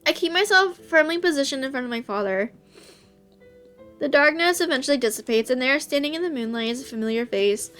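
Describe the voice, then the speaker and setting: A woman reading a visual novel aloud, emotional and quick to burst into excited reactions. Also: sits high, soft background music.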